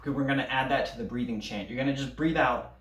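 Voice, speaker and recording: A man's voice: mid-range voice, fast, a bit bright, slight background noise. A man teaching an elementary band lesson, leading breathing drills and counting aloud in an upbeat coaching way. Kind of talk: recorded online music lesson. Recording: roomy sound from a distance.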